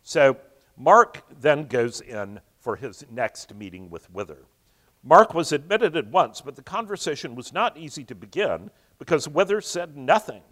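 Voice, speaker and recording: Man reading a novel with lively asides. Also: a little high, measured pace. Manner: explanatory, alternates reading with asides. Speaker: host. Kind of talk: reading a novel aloud with commentary.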